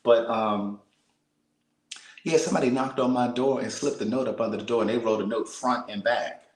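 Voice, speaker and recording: An American man with a mid-range voice chats with his livestream viewers, keeping his voice low and half-whispered, laughing, greeting people by name. The room is roomy and echoey, like a small apartment picked up on a phone. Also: a little fast. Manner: talking softly and half-whispering to keep quiet; animated, laughing, reading out viewer comments. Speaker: vlogger on a livestream. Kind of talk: casual chat with live viewers.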